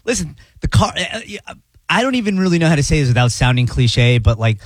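A man co-hosting a casual talk show, speaking in laid-back slang with a lively delivery. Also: fairly high pitch, fast, no room sound. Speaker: co-host. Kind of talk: casual podcast chat.

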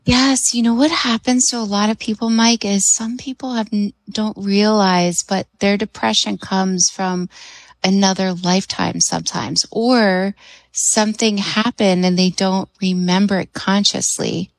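A woman's voice: mid-range voice, steady tone, unhurried, vocal fry, no echo, low-quality recording. A woman guest on a radio talk show, speaking as a hypnotherapist in an enthusiastic, chatty way and laughing often.

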